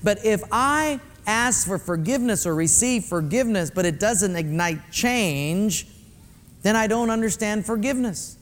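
A man's voice: sits high, lively intonation, unhurried, fairly bright tone. A male pastor preaching a sermon in a conversational way, speaking directly to his congregation in a church sanctuary. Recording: echoey hall.

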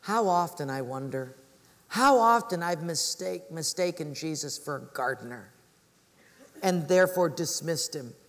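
High-voiced pastor preaching in a reverberant church. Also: male voice, animated, unhurried, a bit bright. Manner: storytelling, acts out voices of people in his stories. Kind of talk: sermon.

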